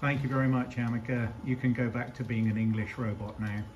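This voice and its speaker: A man's voice: medium pitch, steady tone, brisk, darkish tone, highs cut off, a little hiss or hum. Man casually quizzing a robot. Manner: friendly, direct requests. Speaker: interviewer testing a robot. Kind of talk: casual questioning.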